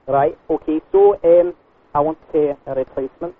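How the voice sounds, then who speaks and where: A man's voice: on the high side, normal speed, lightly acted. A man voicing a bumbling male caller with a put-on Scottish accent, rambling and stammering over a marmalade complaint. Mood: complaining. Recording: tinny phone line.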